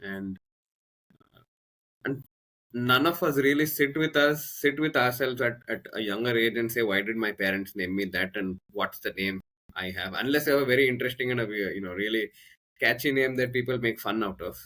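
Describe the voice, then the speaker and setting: A man's voice: mid-range voice, moderate pace, sharp tone. A man with an Indian English accent, a podcast guest and coach telling rambling personal anecdotes in casual conversation, with many fillers and restarts.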